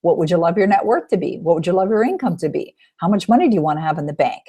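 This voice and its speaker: A woman's voice: fairly low pitch, lively intonation, very fast, mellow, breathy edge. A woman self-help coach teaching on a webinar call, upbeat and emphatic, asking rhetorical questions.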